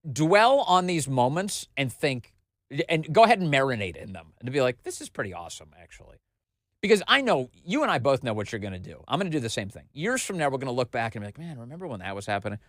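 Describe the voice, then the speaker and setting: A man in his forties hosts a political commentary show from a studio, addressing the listener directly in an animated, emphatic style. His pitch is medium, his pace quick, and the recording is dry.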